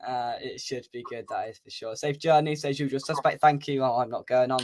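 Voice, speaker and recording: A man's voice: mid-range voice, steady tone, brisk, few pauses. A man hosting a fan channel livestream, chatting casually, reading out viewer comments and laughing often.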